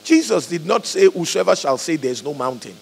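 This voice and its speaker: A man preaching a sermon, acting out quoted voices and swinging between loud and soft. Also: a little high, big pitch swings, brisk, gravelly, husky, big-room sound, low-quality recording. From Nigeria.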